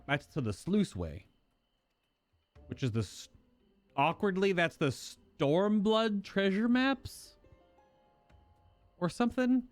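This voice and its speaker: A man hosting a game reaction, musing aloud with self-correcting asides. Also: medium pitch. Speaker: gaming reaction host. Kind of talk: casual reaction commentary.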